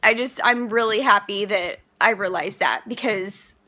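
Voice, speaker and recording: A woman's voice: mid-range voice, measured pace, pushed and bright. A pregnant young woman ranting frankly to camera, heated and profane, with many fillers and restarts. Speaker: vlogger. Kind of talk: casual rant to camera.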